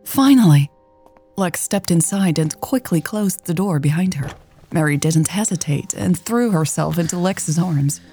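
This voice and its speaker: A woman narrating a romance story in a calm, gentle and intimate reading. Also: on the low side, normal speed, breathy edge, faint music behind.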